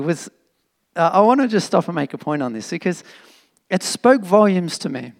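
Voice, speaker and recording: A man preaching a sermon in an animated, emphatic, conversational way, with fillers and restarts. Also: high-pitched, moderate pace. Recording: long reverb of a hall.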